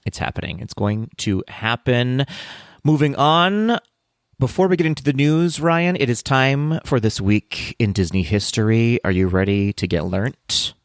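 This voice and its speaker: A man's voice: mid-range voice, normal speed, few pauses, dry recording, clean studio sound. A playful man from the United States co-hosting a podcast, chatting casually and laughing often. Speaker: podcast co-host.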